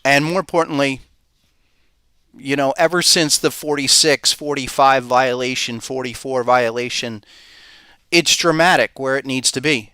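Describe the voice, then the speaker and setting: Crisp, bright-voiced male market host. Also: mid-range voice, normal speed, dry recording, studio quality. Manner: conversational, thinking aloud with rhetorical questions. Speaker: podcast host and market analyst. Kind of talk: live market commentary.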